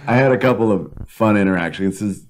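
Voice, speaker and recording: A man's voice: fairly low pitch, quick pace. A man co-hosting a podcast, telling long rambling stories in casual chat and laughing often. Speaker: podcast co-host. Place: indoor room, in person.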